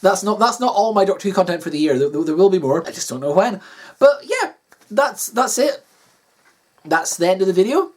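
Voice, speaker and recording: A man's voice: sits high, sing-song, fairly quick. Rambling male YouTuber. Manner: rambling, repeats words while searching for them. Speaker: YouTuber host. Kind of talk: casual video outro.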